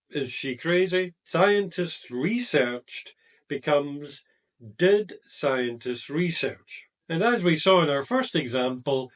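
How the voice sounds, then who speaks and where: A man teaching exam grammar, explaining slowly and deliberately and stressing key words. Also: on the high side, far from the mic. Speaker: IELTS teacher.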